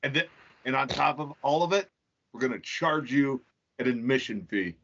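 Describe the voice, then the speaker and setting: A man co-hosts a casual podcast and drops in dry, joking remarks at a middle pitch. The recording is a little dull and lo-fi. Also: animated, normal speed, a bit bright. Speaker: podcast co-host. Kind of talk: casual chat.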